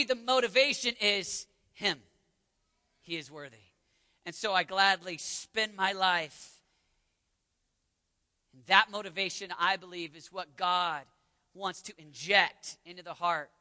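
A Texan man preaches with a high, very bright and piercing voice, dropping to near hushes and rising to shouts. His voice rings through a large church hall with a long, echoing reverb. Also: lively intonation, measured pace. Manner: impassioned, swings from hushed to shouting. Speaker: pastor. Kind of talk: sermon.

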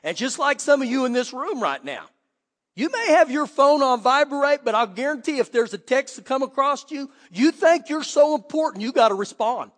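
A man preaching a sermon as pastor, telling lively stories and acting out quoted voices. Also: very high-pitched, normal speed, in a large hall. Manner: animated storytelling with quoted voices. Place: church sanctuary.

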